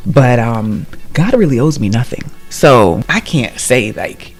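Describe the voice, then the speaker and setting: A middle-aged woman who works as a real estate agent shares a personal testimony in a casual vlog. She speaks emphatically, repeating phrases for stress and shifting between soft asides and excited bursts. Her voice is extremely low and slightly rough, at normal speed with few pauses, over soft background music.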